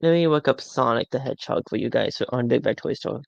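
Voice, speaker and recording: A man's voice: medium pitch, brisk, vocal fry, no room sound, muffled recording. A man chatting casually on a live stream as a toy collector, rambling and often stammering over his words.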